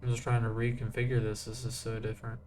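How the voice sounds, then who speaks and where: Male game master for a streamed tabletop game, casual and chatty, average pitch. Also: monotone, fast, a little mellow, slight background noise. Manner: casual, chatty, joking asides.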